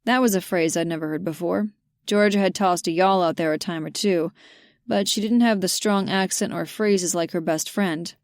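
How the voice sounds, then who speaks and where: A woman narrating a romance audiobook, lively and giving the characters their own voices, on a close mic. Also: fairly low pitch, moderate pace, no room sound.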